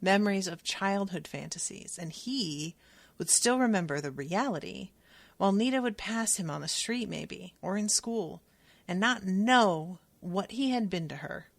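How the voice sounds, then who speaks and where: Woman podcast host, unhurried, candid book recap with casual swearing. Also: medium pitch, animated, creaky. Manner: candid, swears freely while retelling.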